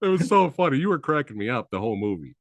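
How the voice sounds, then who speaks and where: A man's voice: mid-range voice, big pitch swings, fast, no echo, dull audio. A man hosting an interview, talking with hyped, exclamatory enthusiasm. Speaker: interview host.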